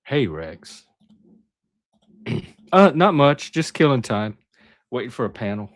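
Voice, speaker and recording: A male host chatting on a live stream, teasing and halting with frequent restarts. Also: medium pitch, very animated, no room sound, clean studio sound. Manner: teasing, hesitant, many restarts. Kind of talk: casual live-stream chat.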